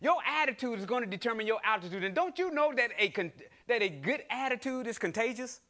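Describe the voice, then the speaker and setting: A man's voice: extremely high pitch, very animated, a little fast. A middle-aged man preaching a sermon, using call-and-response with the congregation and acting out grumbling people in quoted asides. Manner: call-and-response preaching, rising to loud exhortation. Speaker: lay preacher.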